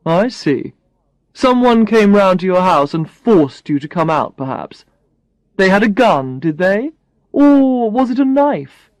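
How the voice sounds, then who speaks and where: A woman's voice: medium pitch, sing-song, a little slow, darkish tone, dry recording, rough recording. A woman reading a story voices a confident man who teases with dry sarcasm. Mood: teasing. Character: teasing confident man, her boss.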